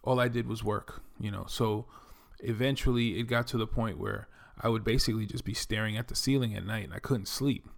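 Middle-aged man, New York accent, gravelly, casual reflective storyteller. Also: lowish voice, steady tone, a little fast. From the Bronx, New York. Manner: reflective, many fillers like "you know" and "um". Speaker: former Air Force veteran and doctor telling his story. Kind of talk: casual personal monologue.

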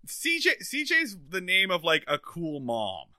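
Male podcast co-host, high, sharp voice, jokey casual riffing. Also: wildly swooping pitch, no echo, studio quality. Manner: joking, riffing, quick asides. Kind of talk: casual comedic chat.

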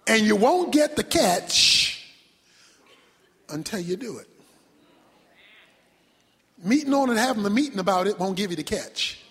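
A male pastor preaching a sermon, emphatic, swinging from shouted points to quiet low asides. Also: animated, unhurried, long pauses, slightly rough. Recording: long reverb from a large hall.

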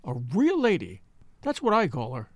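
A man's voice: on the high side, wildly swooping pitch, moderate pace, no echo. A man voicing a young rustic housemaid who sobs her devotion to her mistress. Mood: tearful. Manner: rustic, tearful speech.

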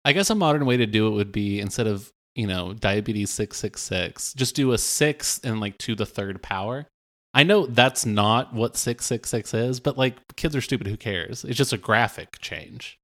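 Co-Host mit hastigen, wirren Ideen. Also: male voice, on the low side, moderate pace, fairly bright tone. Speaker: producer and co-host. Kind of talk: comedy podcast banter.

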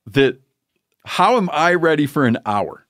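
Animated, rambling male podcast host. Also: on the high side, measured pace, no room sound, studio quality. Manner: rambling, animated storyteller with playful asides. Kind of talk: casual chat.

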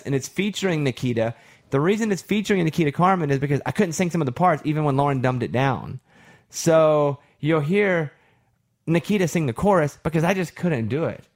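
A man's voice: a little high, animated, normal speed. A man chatting casually about writing children's songs, telling stories and mimicking how singers sounded. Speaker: songwriter presenting his kids' album. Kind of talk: casual chat.

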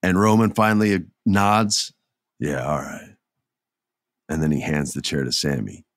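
A man casually and excitedly retelling a wrestling match, acting out scenes as he goes. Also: deep voice, moderate pace, no echo, studio quality. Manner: excitable, acts out scenes, many restarts. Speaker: wrestling recap commentator. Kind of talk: casual storytelling recap.

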